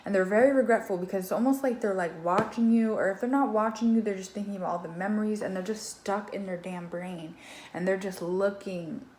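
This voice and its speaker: Talking a little fast in a darkish mid-range voice, a tarot reader addresses the viewer directly in a relaxed, chatty reading full of swearing and filler words. Her recording has an echoey room sound and faint background noise.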